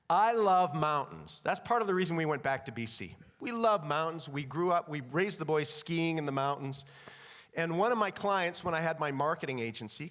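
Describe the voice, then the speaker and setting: A man preaching at a conference, telling stories with animated energy and humor. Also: on the high side. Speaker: conference speaker. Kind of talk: energetic sermon. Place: conference hall. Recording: long reverb of a large hall.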